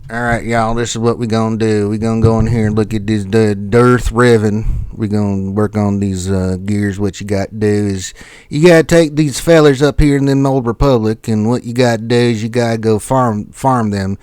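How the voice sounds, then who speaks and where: Man putting on a loud hillbilly drawl. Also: on the low side, steady tone, normal speed, clear, resonant tone, dry recording, studio quality, lightly acted. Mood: folksy. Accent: put-on American Southern. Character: folksy southern hillbilly man giving game advice.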